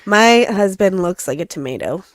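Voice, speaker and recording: A woman's voice: mid-range voice, lively intonation, normal speed, dry recording. A woman in her thirties with an American accent, co-hosting a radio show in casual chat while sick with bronchitis. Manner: chatty, laughing, teasing. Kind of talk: casual studio banter. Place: radio studio.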